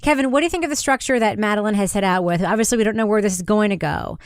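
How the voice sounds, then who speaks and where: A woman's voice: mid-range voice, very fast, smooth, dry recording, clean studio sound. Chatty woman hosting a podcast. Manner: chatty, leads the discussion. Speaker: podcast host. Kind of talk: casual chat.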